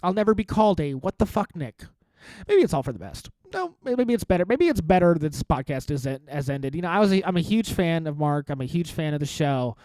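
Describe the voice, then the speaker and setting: A man's voice: on the high side, sing-song, brisk, a little mellow, no room sound. A man in his thirties hosting his own podcast, a stand-up comic talking in a rambling, self-mocking, profane way. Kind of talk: casual solo podcast monologue.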